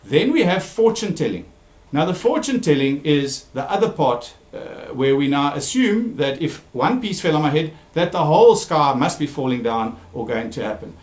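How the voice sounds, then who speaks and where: Presenter: man, animated talk, slightly high pitch, roomy echo. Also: normal speed. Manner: animated, shifting pitch for characters. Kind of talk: storytelling then live online talk. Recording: echoey room.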